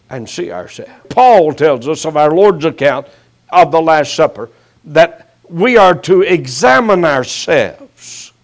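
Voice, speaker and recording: An older man preaching a sermon as pastor, his voice rising sharply and then dropping to a hush, with folksy, teasing jabs at his listeners. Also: on the high side, lively intonation. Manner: slow preaching with sharp rises and hushed drops.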